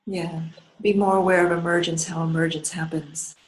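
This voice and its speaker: A woman facilitating a video call, responding with soft affirming murmurs. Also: on the low side, flat delivery, normal speed, a little hiss or hum, rough recording.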